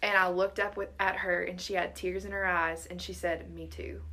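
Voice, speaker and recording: Bright-voiced young woman telling her story. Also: fairly low pitch, level tone, moderate pace. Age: around 20. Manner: earnest storytelling, quoting herself. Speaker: guest sharing testimony. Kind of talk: casual chat.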